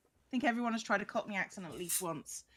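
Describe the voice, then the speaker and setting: A woman's voice: mid-range voice, fast, fairly bright tone. Dry British woman. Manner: dry, matter-of-fact. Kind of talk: casual livestream chat.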